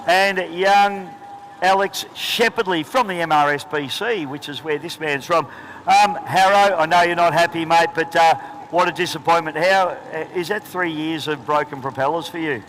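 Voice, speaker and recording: A man's voice: fairly high pitch, moderate pace, fairly bright tone, slight background noise, poor audio. A man with an Australian accent commentating trackside at a boat race, chatty and joking, talking into a handheld microphone outdoors.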